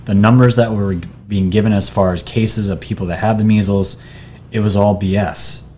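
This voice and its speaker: A man with a fairly low voice talks through posts and articles he has pulled up on screen, in a loose, conversational way. He rambles, restarts sentences and drops fillers. A faint hiss of noise sits under the recording. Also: steady tone, normal speed, a little mellow. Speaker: video channel host. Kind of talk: casual commentary reading from screen. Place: New York.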